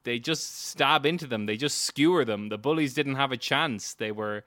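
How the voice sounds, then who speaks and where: A man's voice: mid-range voice, moderate pace, a bit bright, no echo, studio quality. A man narrating as game master of a tabletop game, rambling with many fillers and restarts.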